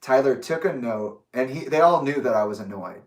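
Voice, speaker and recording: A young man talks through a personal reflection in a loose, rambling way, restarting phrases and swearing now and then. His voice sits at an ordinary middle pitch. It sounds roomy and a little distant from the microphone. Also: expressive, normal speed. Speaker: vlogger. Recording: roomy echo, distant from the mic.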